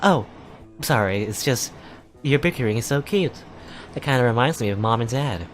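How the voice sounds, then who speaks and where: A man's voice: medium pitch, expressive, normal speed, soft background music, close to an everyday voice. A man voicing a bubbly, polite younger schoolgirl who speaks apologetically, while reading a visual novel aloud. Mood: amused. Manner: giggly, apologetic.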